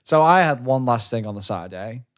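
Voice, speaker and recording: Male podcast co-host, animated and chatty, middle pitch. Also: fairly quick. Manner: animated storyteller, breaks into laughter and silly voices. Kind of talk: casual chat recounting a larp weekend.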